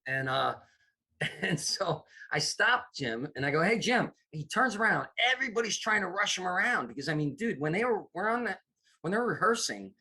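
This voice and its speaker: Middle-aged guy telling stories, does the voices, high bright voice. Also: normal speed, husky. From United States. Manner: animated, acts out quoted voices. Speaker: guest, comedy producer. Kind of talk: casual storytelling.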